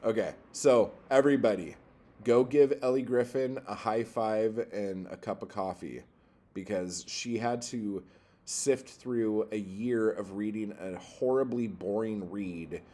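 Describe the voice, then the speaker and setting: Exasperated, profane man ranting on a livestream. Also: fairly low pitch. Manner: profane, exasperated, swings from loud outbursts to muttering. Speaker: poetry livestream host.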